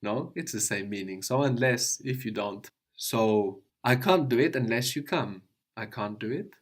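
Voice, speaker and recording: A man's voice: mid-range voice, animated, a little slow. A man teaching a language lesson, patiently explaining step by step and asking his student questions.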